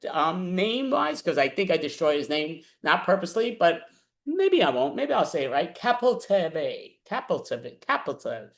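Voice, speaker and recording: A man hosting an online comedy show over a video call, easygoing and chatty. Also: high-pitched. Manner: easygoing, chatty, laughs often. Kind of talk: casual interview chat.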